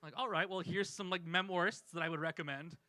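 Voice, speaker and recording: A man's voice: high-pitched, fairly even intonation, quick pace, bright, forceful tone, no room sound, low-quality recording. A man doing a wry, self-deprecating stand-up set on a small club stage into a stage mic. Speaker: stand-up comedian.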